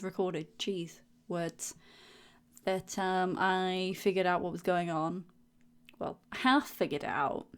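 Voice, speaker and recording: A young woman doing a casual, chatty voiceover for her gaming video. She giggles a lot and acts out silly inner dialogue in a higher voice. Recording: voiceover recorded at home on a mic.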